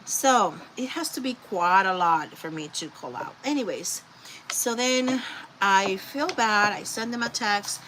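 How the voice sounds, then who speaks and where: A woman hosts a live crafting stream, rambling and chatting casually with viewers while she works. Her medium-pitched voice is a little slow, and the low-quality recording has steady background noise.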